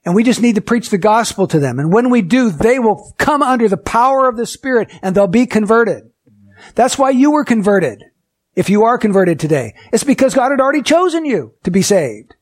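A man preaching a sermon, earnest and emphatic, asking the listeners rhetorical questions and slowing down to stress key words. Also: sits high, lively intonation. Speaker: pastor.

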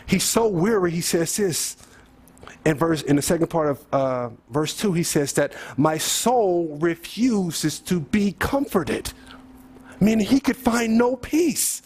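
High-voiced male pastor preaching conversationally. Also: lively intonation, normal speed, darkish tone, slightly rough. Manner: conversational preaching with rhetorical questions, rising to emphatic peaks. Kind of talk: sermon.

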